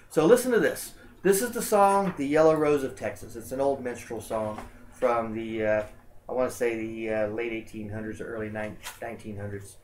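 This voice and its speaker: A man giving a recorded college literature lecture, in a relaxed, conversational way with frequent fillers. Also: medium pitch. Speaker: college English instructor.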